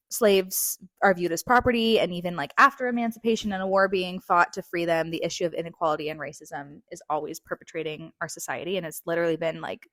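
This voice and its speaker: A woman's voice: on the low side, fairly bright tone, dry recording. A young woman co-hosting a podcast, chatting enthusiastically about a book on a close microphone. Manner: enthusiastic, quick to react. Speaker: podcast co-host. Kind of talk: casual book discussion chat.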